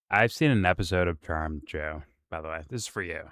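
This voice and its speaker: A man's voice: low voice, fairly bright tone, smooth, no room sound, clean studio sound. A man co-hosting a reaction show, tossing out sarcastic, mumbled asides. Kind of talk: casual reaction commentary.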